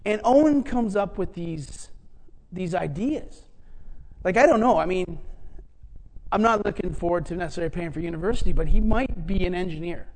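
Animated middle-aged preacher telling a story. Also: medium pitch, moderate pace, poor audio. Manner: animated, acts out quoted dialogue; conversational, many fillers and restarts. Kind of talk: sermon storytelling.

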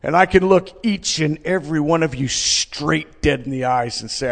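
Middle-aged man, gravelly voice, personal testimony to an audience, earnest storytelling, hushed to loud, long hall reverb. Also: on the high side, normal speed, few pauses. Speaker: speaker giving a personal testimony. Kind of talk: emotional testimony to a live audience.

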